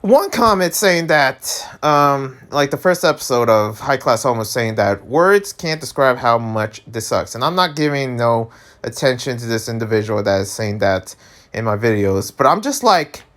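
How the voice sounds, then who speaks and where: Animated ranting man vlogging. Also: moderate pace. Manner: animated, exasperated, pitch jumps high when worked up; laughs often, trips over words. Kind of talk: casual rant to camera.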